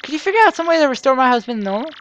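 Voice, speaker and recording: A woman's voice: high-pitched, lively intonation, rapid-fire, highs cut off, slight background noise. A woman reading aloud the lines of a worried village shopkeeper wife in a game, in a plain voice close to her own. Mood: distraught.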